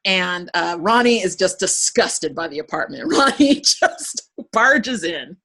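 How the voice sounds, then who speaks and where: A woman hosting a podcast recaps an episode in casual conversation; her pitch is fairly low, her pace a little slow, and her voice has a breathy edge. She acts out lines animatedly and laughs often.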